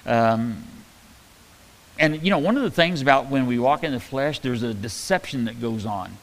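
A man preaching a conversational Bible-teaching sermon, talking in a halting way with many fillers and restarts. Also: mid-range voice, animated, low-quality recording. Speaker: pastor.

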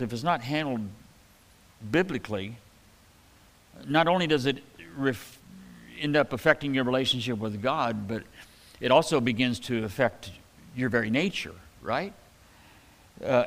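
A pastor preaches a sermon in a relaxed, conversational way, reading scripture aloud and tossing in casual asides. His voice is mid-range, with hall reverb on the recording.

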